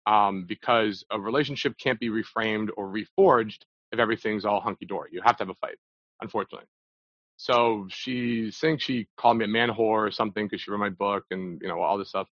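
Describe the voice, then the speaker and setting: A man's voice: on the low side, fairly quick, fairly bright tone, no echo. A man talking as a podcast guest, telling a story in a casual, loose way, full of fillers and restarts. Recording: dull, dry lo-fi audio.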